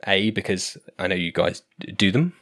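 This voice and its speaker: Host, male, deep register, halting and self-repeating questions, casual tone. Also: a bit bright. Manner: hesitant, repeats words while asking. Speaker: podcast host. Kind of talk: casual group discussion.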